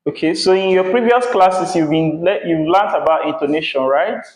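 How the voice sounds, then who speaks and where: A man with a Nigerian English accent teaching a class, slow and patient, repeating key words. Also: fairly high pitch. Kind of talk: classroom lesson. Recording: echoey classroom.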